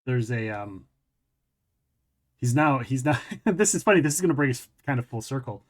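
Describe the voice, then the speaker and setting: A man's voice: medium pitch, lively intonation, normal speed. A man hosting a podcast who also runs tabletop games, telling a long rambling story that keeps looping back on itself in casual conversation. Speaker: podcast host and tabletop game master. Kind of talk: casual interview chat.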